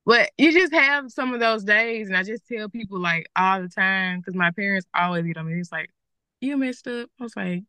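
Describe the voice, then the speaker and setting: A woman's voice: medium pitch, fairly quick, few pauses, sharp tone, no room sound. A young woman with a Southern American accent, a TV journalist guest, talking candidly and chattily about her career at a school event. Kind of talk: school career talk interview.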